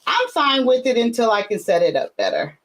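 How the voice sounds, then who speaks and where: A woman hosting a casual video call chat from home, telling a story with lively acted-out quotes. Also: a little high, brisk. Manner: animated storyteller, acts out her own quotes. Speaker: host. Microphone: webcam on a video call.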